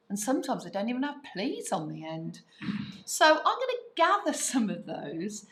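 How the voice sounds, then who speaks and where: A woman's voice: a little high, takes it slowly, echoey room. A middle-aged woman teaching a writing lesson, thinking aloud as she writes and acting out quoted phrases. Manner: lively, voices quoted parents' phrases.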